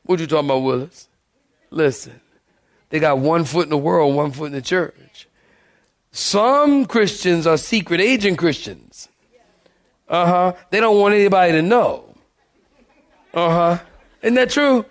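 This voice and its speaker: A man preaching a sermon as pastor, animated and joking, calling out to the congregation. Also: high voice, unhurried, pauses often.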